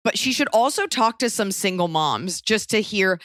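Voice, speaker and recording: A woman's voice: mid-range voice, animated, moderate pace, fairly bright tone, no room sound, studio quality. A woman in her thirties hosting a podcast, giving blunt, rambling, jokey advice in casual chat. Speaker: podcast host.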